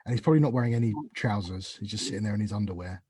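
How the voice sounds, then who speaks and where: A man hosting a comedy podcast, riffing in a rapid, deadpan way. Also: on the low side, husky. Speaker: podcast host. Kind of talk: casual comedy chat.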